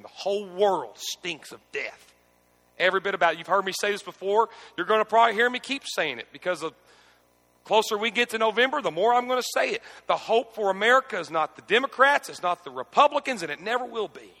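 A man preaching a sermon as pastor, swinging between shouting and near-hushed speech. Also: high voice, in a large hall.

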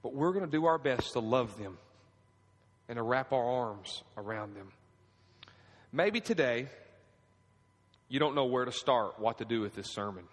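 Fervent thirty-something preacher in a ringing hall. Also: male voice, expressive, a little slow, long pauses. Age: 30s. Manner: fervent, swings from quiet pleading to high emphatic preaching, asks the crowd for amens. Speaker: pastor. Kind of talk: sermon. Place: church sanctuary. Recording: long reverb of a church hall.

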